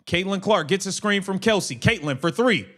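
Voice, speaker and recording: Male streamer, slightly high voice, heated slangy play-by-play and rants. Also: expressive, normal speed, a bit bright. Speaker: live stream host. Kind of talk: casual live watch-along commentary.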